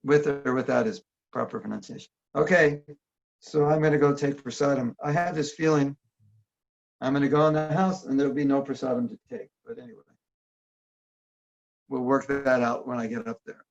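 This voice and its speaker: Speaking at normal speed, a man with a mid-range voice and vocal fry teaches a laid-back workshop on a video call. His style is conversational, with frequent questions to his listeners, and the online sound is dull and lo-fi.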